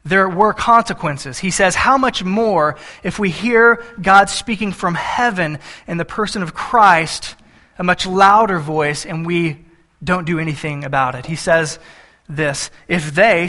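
Bright-voiced man preaching a sermon. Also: high-pitched. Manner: rhetorical questions to the congregation, reads verses aloud. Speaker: pastor. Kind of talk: expository sermon.

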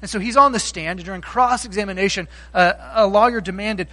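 A man's voice: high voice, fairly quick, few pauses, sharp tone, rough recording. A man preaching a sermon in a conversational way, acting out the voices he quotes. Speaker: pastor.

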